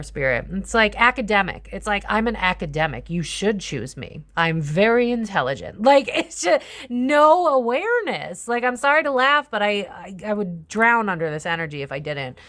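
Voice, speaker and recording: A woman's voice: mid-range voice, sing-song, moderate pace, fairly bright tone. A young woman chatting casually through a tarot reading, swearing freely and slipping into other people's voices. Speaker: tarot reader and channel host. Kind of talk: casual psychic tarot commentary.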